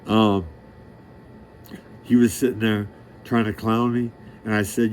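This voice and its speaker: A man's voice: on the low side, level tone, slow, a little mellow, slight background noise. A middle-aged man in a rambling monologue, talking in a profane, boastful, streetwise way and losing track of his story. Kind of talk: rambling direct-to-camera monologue.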